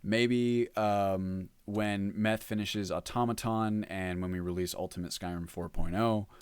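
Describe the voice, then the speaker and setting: Low-voiced casual male streamer. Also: fairly even intonation, measured pace, darkish tone, clean tone, no room sound. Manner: rambling, reads chat aloud, hums while working. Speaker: modlist developer streamer. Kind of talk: casual livestream chat.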